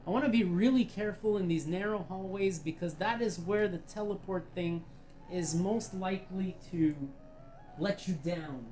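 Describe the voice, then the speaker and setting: Chatty woman with a lowish voice. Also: moderate pace, mellow, a little hiss or hum, rough recording. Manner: enthusiastic, chatty, swears freely. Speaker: VR game reviewer. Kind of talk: casual gameplay commentary.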